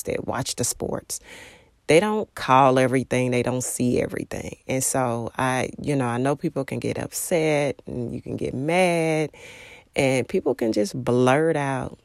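A parent telling a devotional story in a rambling, halting way, full of fillers and restarts. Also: medium pitch, gravelly, dry recording. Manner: acts out quoted remarks in a raised voice.

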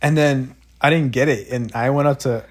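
A man with a mid-range voice tells a funny story in casual chat at normal speed. He's animated and laughing, swears a lot, and acts out what people said.

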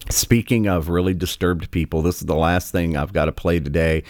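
A man's voice: sits low, fairly even intonation, moderate pace, a little mellow, no echo, studio quality. A man hosting a political commentary show, ranting in a sarcastic, scornful way with many fillers.

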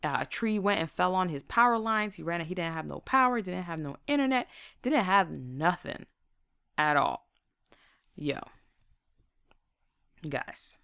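A young woman casually telling her own stories in a lively, motivational way, laughing often and acting out what she said back then. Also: fairly low pitch, unhurried, gravelly, pauses often, clean tone, no room sound, studio quality. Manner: faith-inflected, motivational.

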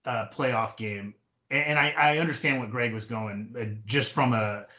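A man's voice: medium pitch, moderate pace, bright, forceful tone, dull audio. A man co-hosting a casual sports podcast, talking hesitantly with many fillers and restarts. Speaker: podcast co-host.

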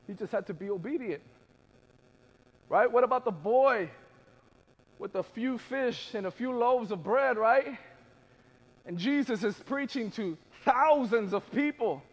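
A man preaching a sermon, building from quiet asides to shouted peaks and acting out the voices of biblical people in casual modern speech. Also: very high voice, lively intonation, measured pace, long pauses, husky. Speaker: pastor.

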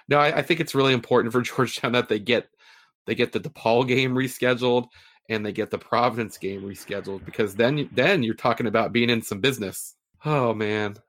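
A man hosting a podcast in casual sports chat, easygoing and quick to chuckle. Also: medium pitch. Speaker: podcast host.

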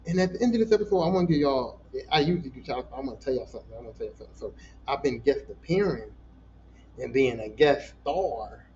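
A man hosting a casual solo podcast, telling stories in an animated, profane, emotional way. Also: medium pitch, fast, dull audio, a little hiss or hum. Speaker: podcast host.

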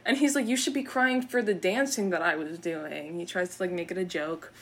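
Woman podcast host retelling a movie plot, super animated, lots of "like", does little voices for the characters. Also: lowish voice, brisk, slightly rough. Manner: animated storytelling, acts out characters' lines, many "like" fillers. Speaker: podcast co-host recapping a film. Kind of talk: casual chat. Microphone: studio microphone.

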